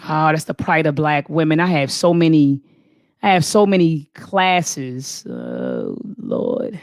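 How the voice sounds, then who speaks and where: An unhurried, low-pitched woman hosts a live online talk, reading viewer comments aloud. Fervent as a preacher, she often addresses the audience as "family" and thinks aloud, restarting and repeating phrases, on a dry studio-quality recording.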